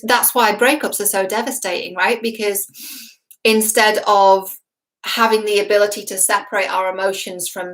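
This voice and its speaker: Woman coach, casual to-camera vlog, affectionate and playful, middle pitch. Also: low-quality recording. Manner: warm, chatty, affectionate, playful. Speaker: dating and love coach.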